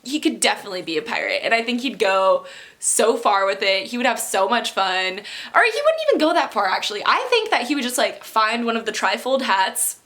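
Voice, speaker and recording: A young woman talking to her vlog audience in a loose, chatty way, full of fillers and little laughs. Her voice sits a bit high and sounds bright. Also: sing-song, brisk. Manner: chatty, giggly, lots of fillers. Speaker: book vlogger. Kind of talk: casual vlog chat.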